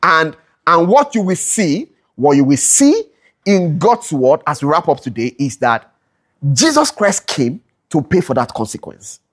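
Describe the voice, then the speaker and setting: A Bible study teacher with a medium-pitched, very animated voice speaks a little slowly while explaining scripture. They pose rhetorical questions and repeat them for emphasis, constantly checking in with listeners by asking "all right?" They also correct themselves mid-sentence.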